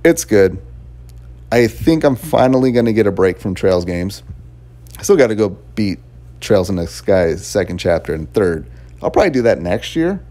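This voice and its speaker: A man's voice: lowish voice, sing-song, normal speed, warm tone. A man giving a casual, rambling spoken review of a video game, chuckling often between thoughts. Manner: rambling and chatty, laughs often, fillers and restarts.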